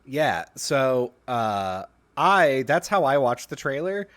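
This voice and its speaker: Young male co-host, animated and halting, dry studio sound. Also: medium pitch, dry recording. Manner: hesitant, lots of fillers, joking. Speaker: podcast co-host. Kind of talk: casual chat.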